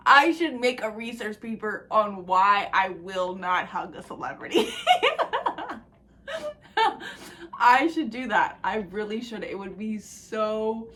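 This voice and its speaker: Young woman vlogging, chatty and rambling, bright clear voice, swears a lot, goes quiet and whispery then loud again. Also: on the high side. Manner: rambling, excitable, profane, laughs and drops to whispers. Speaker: book vlogger. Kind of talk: casual chat to camera.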